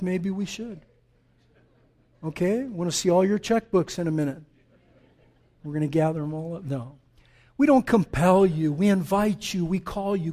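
A man preaching a sermon to his congregation, emphatic and animated, with joking asides to the listeners. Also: sits high. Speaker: pastor.

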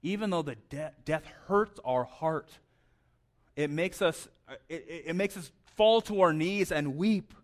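A man's voice: fairly high pitch, a little slow. A man preaching a sermon in a conversational way, often stammering and repeating words. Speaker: pastor.

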